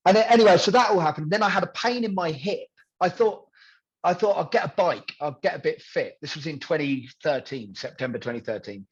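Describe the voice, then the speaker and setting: A man's voice: on the high side, fairly quick, slightly rough, lo-fi sound. A man in his thirties, a podcast guest, telling his own story candidly and acting out the voices of others. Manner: animated, acts out dialogue in quoted voices.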